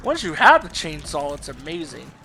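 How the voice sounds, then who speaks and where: Bright-voiced Southern gaming commentator. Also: male voice, on the high side, huge pitch swings, moderate pace. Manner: casual, rambling, swears and laughs often. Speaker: gaming YouTuber. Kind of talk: let's play commentary.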